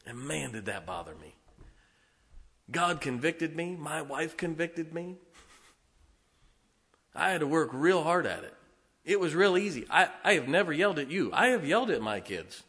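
A middle-aged man preaching a sermon as pastor. He swings between loud, emphatic lines and quiet, confiding asides, chuckling often. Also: fairly high pitch, sing-song, moderate pace, pauses often, slightly rough, long reverb tail. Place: church sanctuary.

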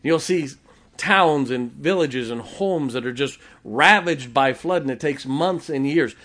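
A man's voice: medium pitch, a little slow, fairly bright tone. A man preaching a sermon to a congregation, folksy and emphatic, repeating his key lines and chuckling between points. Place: church before a congregation.

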